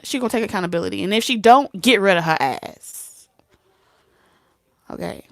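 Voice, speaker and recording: A woman tarot reader talks straight to her audience in a blunt, streetwise way. She acts out both sides of a conversation, laughs often and slips into soft whispers. Her voice sits at a middle pitch and is recorded dry and close. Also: sing-song, a little fast, pauses often, no room sound. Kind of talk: casual talk to camera.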